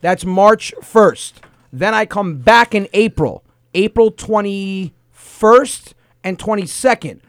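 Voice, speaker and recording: A man's voice: sits high, lively intonation, slow pace, fairly bright tone, dry recording, studio quality. A young adult man hosting a comedy radio show, teasing callers and swearing freely. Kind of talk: casual banter, taking calls.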